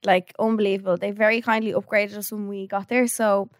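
A woman's voice: mid-range voice, level tone, fairly quick, no room sound. A young Irish woman co-hosting a podcast, chatting playfully and giggling with her friend. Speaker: podcast co-host. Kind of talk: casual chat.

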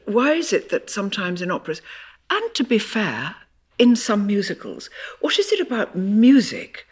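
A woman's voice: mid-range voice, breathy edge. A woman hosting a podcast, asking questions in a playful, questioning manner. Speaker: podcast host. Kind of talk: podcast chat.

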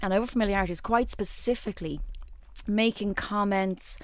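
Woman cohosting a chatty podcast, mid pitch, lively. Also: brisk, dry recording. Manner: animated, reads aloud with laughs. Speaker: podcast co-host. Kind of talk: casual chat.

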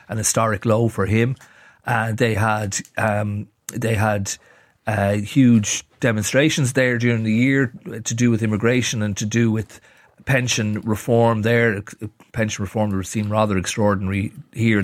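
A man, a newspaper editor on a radio panel, talking in a measured way with frequent restarts. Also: on the low side, no room sound, studio quality.

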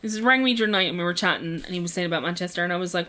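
A woman's voice: fairly low pitch, very fast, pushed and bright. A woman co-hosting a podcast in casual chat, chatty and swearing freely as she tells stories. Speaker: podcast co-host.

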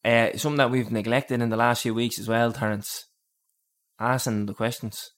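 A man's voice: mid-range voice, steady tone, moderate pace, fairly bright tone. A man with an Irish accent hosting a podcast, chatty and slangy in casual talk. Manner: chatty, slangy, says "bro". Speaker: podcast host.

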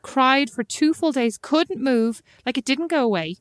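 A woman chats on a podcast, her voice sitting a little high and sounding close and dry. She talks with an animated, teasing energy, exclaiming in disbelief and pressing her co-host with questions. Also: unhurried, no room sound. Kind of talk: casual chat.

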